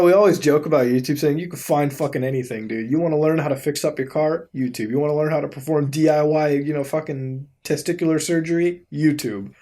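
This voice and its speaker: A young man hosting a video, giving casual commentary as he browses websites, swearing, laughing and reacting in disbelief, swinging between mumbles and sudden loud outbursts. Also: a little high. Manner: profane, incredulous, laughs often. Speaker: YouTube host.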